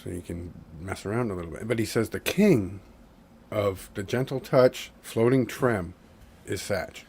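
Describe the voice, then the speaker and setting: A man in a casual chat, talking haltingly and repeating words as he tells an anecdote. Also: on the low side, gravelly, darkish tone, a little hiss or hum.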